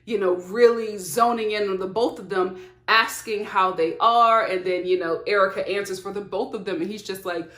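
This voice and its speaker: A woman giving a casual, animated recap of a reality TV episode, laughing often and talking back to the screen. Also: mid-range voice, a little fast. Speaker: TV show reviewer. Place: home filming setup. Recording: echoey room.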